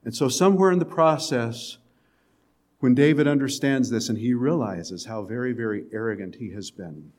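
A man preaching a sermon in a conversational way, with quiet, emphatic lines and the odd chuckle. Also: medium pitch, moderate pace. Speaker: pastor.

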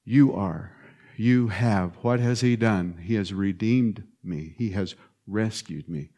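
A man's voice: lowish voice, takes it slowly. Emphatic man preaching a sermon. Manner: animated and emphatic, swinging from loud to hushed; repeats short phrases for stress. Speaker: pastor.

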